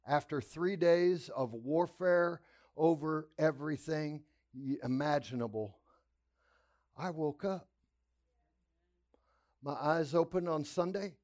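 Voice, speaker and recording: A male pastor with a fairly high voice tells his story from the pulpit. He builds drama, rising and falling as he goes. It is a lively sermon testimony.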